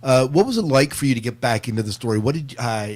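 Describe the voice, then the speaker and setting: A man's voice: mid-range voice, lively intonation, fast talker, a little mellow. A man hosting a casual book podcast, joking and steering the conversation. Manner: joking, leads the talk. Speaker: podcast host.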